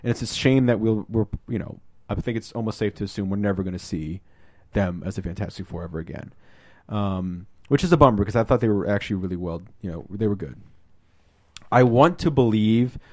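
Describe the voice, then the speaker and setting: A man with a somewhat low voice chatting casually on a podcast. He rambles through a story, slipping into quick put-on voices for the quotes. The sound is dry and close. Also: a little mellow, no room sound. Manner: rambling retelling, acts out quotes in shifting voices. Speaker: podcast host. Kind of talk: casual chat.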